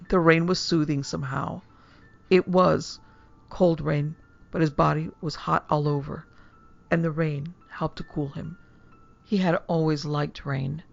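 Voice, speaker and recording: A woman narrating a horror story in a hushed, measured way. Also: low voice, gravelly, muffled recording. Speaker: narrator and producer.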